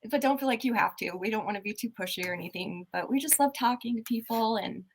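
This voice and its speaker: A woman with a fairly high voice hosts a casual podcast. She talks in an animated, exclamatory way. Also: fast, a little hiss or hum. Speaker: podcast host. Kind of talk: casual chat.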